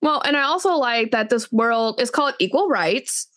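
Lively chatty woman podcast host. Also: on the high side, normal speed. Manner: chatty, animated, restarts and fillers. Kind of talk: casual book chat.

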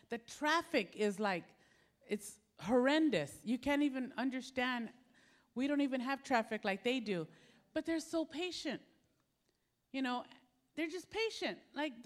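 A middle-aged woman from the Philippines preaching a sermon, telling personal stories and acting out her own panic and impatience. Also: sits high.

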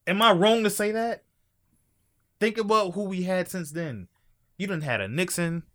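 Male podcast co-host, emphatic and jokey; bright, slightly raised pitch. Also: normal speed, no echo, studio quality. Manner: animated, emphatic, jokey, trails off quietly at ends of points. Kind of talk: casual podcast chat.

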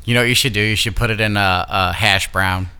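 Teasing man with a low, clear voice. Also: fairly even intonation, brisk, bright, forceful tone. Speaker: podcast co-host. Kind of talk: casual crude podcast chat.

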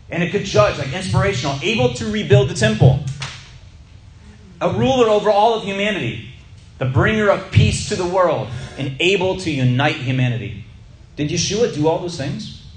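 A man teaching to a small group in a sermon style, telling a personal story and slowing down to stress key words. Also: high-pitched, lively intonation, roomy sound, a little hiss or hum, low-quality recording. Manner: conversational, stretches key words slowly for emphasis.

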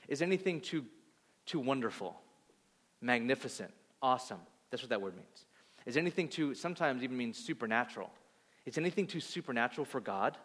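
A man in his thirties preaching a sermon, animated, acting out voices and swinging between loud and soft. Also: mid-range voice. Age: 30s. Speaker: pastor. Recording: long hall reverb.

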